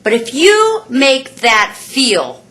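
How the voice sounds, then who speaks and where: A woman's voice: high-pitched, big pitch swings, slow, pushed and bright. A woman vocal coach giving instructions, demonstrative and full of vivid images. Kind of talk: instructional explanation.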